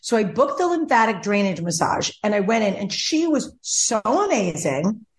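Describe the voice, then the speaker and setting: A young woman hosting a podcast tells a wandering story at a moderate pace, her medium-pitched voice very animated. In this casual chat she plays out what others said, chatty and rambling throughout.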